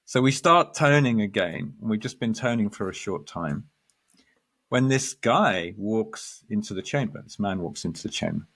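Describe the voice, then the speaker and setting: A man, a guest astrologer, telling a story in lively conversation, acting out quoted lines and restarting his sentences. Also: fairly low pitch, moderate pace. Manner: animated storyteller, quotes others, restarts often.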